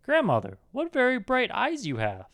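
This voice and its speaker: A man's voice: medium pitch, sing-song, normal speed. A man voicing an innocent, polite little girl in a storybook reading, with a raised, sweet lilting voice.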